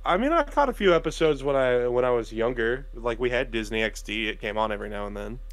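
A man's voice: mid-range voice, animated, quick pace. A man chatting casually as a co-host, sardonic and joking, swearing freely. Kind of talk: casual podcast chat.

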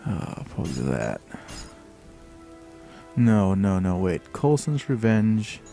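Male game streamer, slow delivery, excitable yelps, lots of ums, faint music behind. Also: creaky. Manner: excitable, bursts of high-pitched exclamations; thinks aloud with many fillers. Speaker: livestream host playing a game. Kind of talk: live gameplay commentary.

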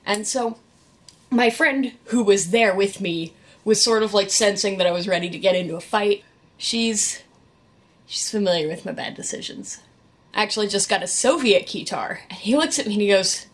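A woman vlogging, telling a rambling story in a casual, animated way with sarcastic asides. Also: mid-range voice, normal speed. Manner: animated, sarcastic asides, quotes people in voices.

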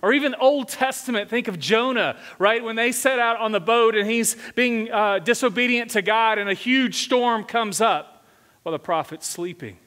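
A man with a high voice delivers a sermon, speaking conversationally and often asking the congregation questions. The sound carries a long reverb, like a big church sanctuary. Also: normal speed, bright, forceful tone. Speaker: senior pastor.

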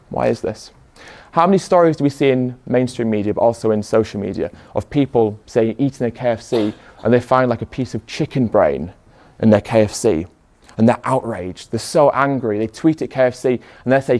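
A man's voice: mid-range voice, a little fast, darkish tone. A young man giving a motivational speech to an audience, pressing them with rhetorical questions. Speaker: activist speaker.

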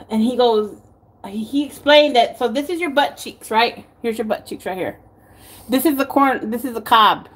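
A woman's voice: on the high side, moderate pace. A woman with a Texan accent chatting casually in a home cooking vlog, rambling and giggling, cursing now and then. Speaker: vlogger. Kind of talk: casual chat. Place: home kitchen.

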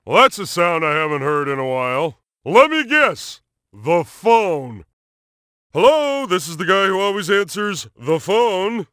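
An actor playing a dim, cheerful cartoon starfish who plays at being a superhero, with a goofy, childlike and emphatic way of talking. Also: male voice, sits high, lively intonation, a little slow, bright, forceful tone, clean tone, no room sound, studio quality, exaggerated voice. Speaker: video game character. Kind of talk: cartoon game voice clips.

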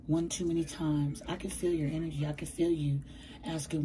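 A woman's voice: deep voice, level tone, moderate pace, dark tone, a little hiss or hum, poor audio. A woman giving a casual tarot reading at home, chatty and emphatic, full of slang and calling viewers baby. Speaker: tarot reader. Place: bedroom at home.

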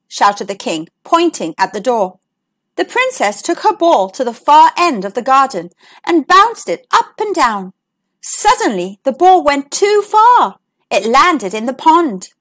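Animated woman reading a kids' book. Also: high voice, unhurried. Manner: warm, animated, sing-song. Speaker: children's storyteller. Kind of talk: reading a picture book aloud to children.

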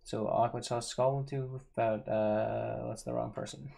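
A gaming YouTuber gives casual gameplay commentary, thinking aloud, repeating himself and talking to his game characters. His mid-range voice is gravelly and warm, with a steady tone at a normal speed.

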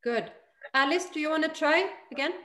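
A woman teaching a group chanting lesson over a video call, patient and encouraging, demonstrating each line slowly. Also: high voice, pushed and bright, reverberant.

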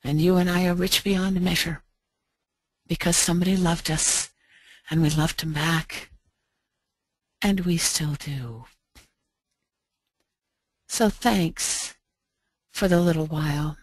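American woman, lowish voice, talks slow and soft like telling a story, dry mic. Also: fairly even intonation, dry recording. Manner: gentle, slow, reflective with soft pauses. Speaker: speaker. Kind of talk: heartfelt storytelling talk.

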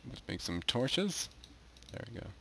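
A man's voice: medium pitch, very animated, measured pace, gravelly, a bit bright, a little hiss or hum. A man giving casual let's-play commentary as a gaming YouTuber, goofy and chatting to the animals in the game.

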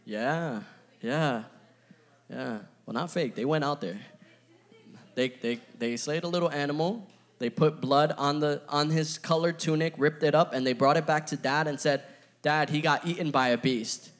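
A man's voice: on the high side, normal speed. Chatty young man preaching to youth. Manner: chatty, playful, full of fillers and asides to the audience. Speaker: youth pastor. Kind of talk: casual youth sermon.

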